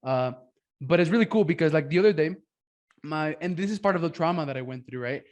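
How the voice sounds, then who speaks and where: Male podcast host on a call, rapid and a bit high-pitched, loose and filler-heavy. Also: animated, darkish tone. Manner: loose, filler-heavy, says man a lot. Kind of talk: casual interview chat.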